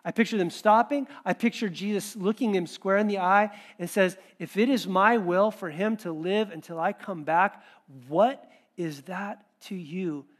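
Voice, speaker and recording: High-voiced man preaching conversationally. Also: moderate pace. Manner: conversational, animated preaching with quoted asides. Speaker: pastor. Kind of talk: sermon.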